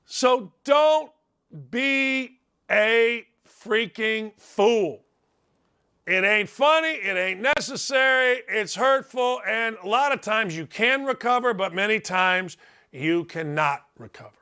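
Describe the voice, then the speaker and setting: On his sports talk show, this middle-aged radio host teases listeners through a brash, folksy, lively monologue. He has a high, smooth voice and takes it slowly.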